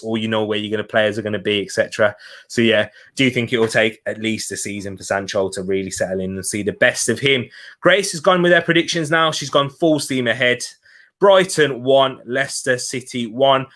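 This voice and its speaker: With a fairly bright voice at medium pitch, this young football livestreamer chats easily with his audience. He reads out their comments and keeps pushing them to hit like.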